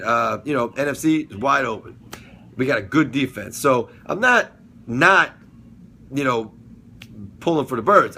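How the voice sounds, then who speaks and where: A man talks straight to camera in a loose, rambling vlog, circling back with fillers and restarts and dropping the odd swear word. His voice sits at an ordinary middle pitch. A faint room ambience hums quietly underneath. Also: a little hiss or hum. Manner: swears casually, laughs at his own jokes. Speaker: sports and TV review vlogger. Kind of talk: casual solo vlog commentary.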